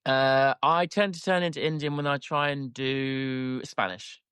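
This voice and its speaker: A man's voice: medium pitch, steady tone, a little slow, fairly bright tone, clear, resonant tone, dry recording. A man co-hosting a podcast, asking teasing questions in casual chat. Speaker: podcast co-host.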